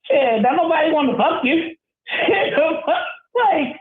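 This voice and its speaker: A woman's voice: high voice, expressive, unhurried. A woman calling in to a show, ranting in a heated, profane, rambling way full of fillers. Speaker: caller. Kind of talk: casual call-in rant. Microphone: phone. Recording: tinny phone line, echoey.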